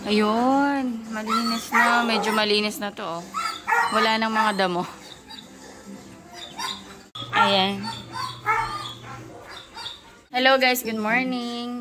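A woman's voice: on the high side, slow, pauses often. A young Filipino mother vlogging at home, soothing and coaxing her child as she chats. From Philippines. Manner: soothing, coaxing a child, switching Tagalog and English. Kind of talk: casual home vlog. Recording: background music over voice.

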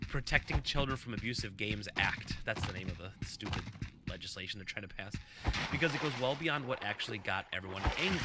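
Rambling man hosting a podcast over loud clicks. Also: medium pitch. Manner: rambling, filler-heavy, chuckling asides. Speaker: podcast host. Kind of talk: casual live-stream podcast chat. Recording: loud clicking noise behind the voice.

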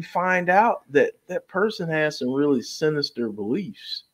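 Male co-host, slow, careful delivery, expressive pitch, casual chat with restarts. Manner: hesitant, careful, many restarts. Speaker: podcast co-host.

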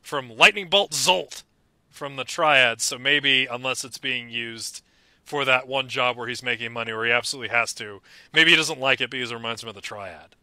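A man's voice: medium pitch, normal speed, dry recording. A young man co-hosting a podcast, chatting casually and enthusiastically about a cartoon episode. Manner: enthusiastic, animated fan talk. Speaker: podcast co-host. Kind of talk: casual chat.

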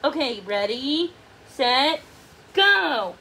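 A woman's voice: high voice, sing-song, pushed and bright, a little hiss or hum, heavily acted, rough recording. A woman voicing a bossy male puffin who coaches a frog in a storybook. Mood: commanding. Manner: brisk, bellowing orders.

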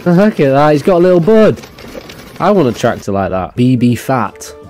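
A man's voice: medium pitch, big pitch swings, moderate pace, dark tone, soft background music. A young man casually reacting to memes, crude and jokey, rambling with restarts. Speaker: meme reaction streamer. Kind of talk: casual meme reaction commentary.

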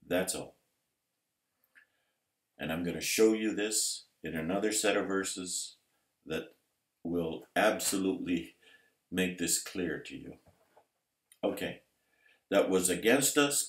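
A man preaching a sermon emphatically, building to loud, intense passages. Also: deep voice. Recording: roomy echo.

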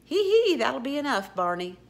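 A woman's voice: fairly low pitch, animated, normal speed, a bit bright. A woman voicing a sly, giggling sailor man with a folksy, drawling way of talking.

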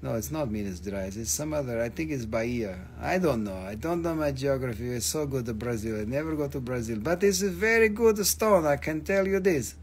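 A man hosting a live rock sale on his phone, excitable, with broken non-native English phrasing. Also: medium pitch, fairly quick, hardly any pauses, slight background noise. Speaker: online rock and mineral seller. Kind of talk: live sales stream.

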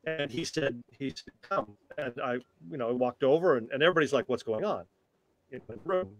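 A man in his sixties, a tai chi teacher and interview guest, telling a story in an animated, halting way with frequent restarts. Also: medium pitch.

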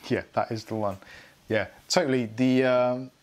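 A man's voice: mid-range voice, fairly even intonation, normal speed. A middle-aged man hosting a live tech stream, rambling and self-mocking as he goes through his tools. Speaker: tech channel host. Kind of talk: casual live unboxing chat.

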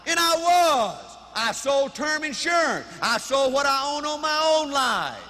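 A man giving an emphatic, repetitive motivational speech to a crowd in a large hall, with bursts of shouting. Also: very high voice. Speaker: motivational speaker. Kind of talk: high-energy motivational speech.

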